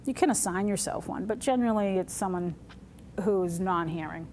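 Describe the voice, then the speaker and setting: A woman teaching a sign language class, talking through each sign as she shows it, with pauses and fillers. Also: medium pitch, darkish tone, slight background noise. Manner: demonstrative, talks through signs with pauses and fillers.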